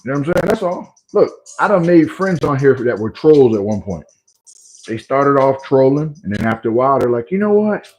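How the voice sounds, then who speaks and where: A man's voice: mid-range voice, a little fast, low-quality recording. A man hosting a casual livestream, bantering with viewers in a playful, teasing way. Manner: playful trash talk, animated. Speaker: livestream host. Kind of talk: casual live chat with viewers.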